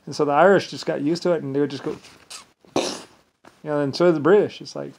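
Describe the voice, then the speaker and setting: A man's voice: fairly high pitch, fairly even intonation, fast talker, vocal fry, darkish tone. A man talking in a meandering monologue, often restarting sentences and leaning on repeated fillers. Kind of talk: rambling monologue.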